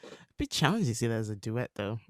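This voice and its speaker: A man's voice: medium pitch, big pitch swings, fast, a bit bright, no echo, studio quality. A younger man, a guest on a podcast, chatting casually and mostly giving short, agreeing replies. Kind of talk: casual chat.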